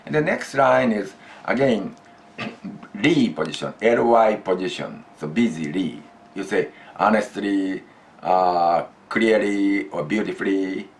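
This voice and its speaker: A male language teacher from Japan gives a classroom grammar lesson, explaining slowly and deliberately and prompting students to repeat after him. His fairly low voice is lively despite the slow pace, and there's a little hiss or hum in the recording.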